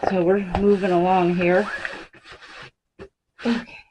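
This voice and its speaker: Speaking slowly and on the low side with little pitch movement, this crafting vlogger chats through a demonstration at home in her craft room. She's talkative and breaks off mid-task to speak to her pets. Noise fills the background.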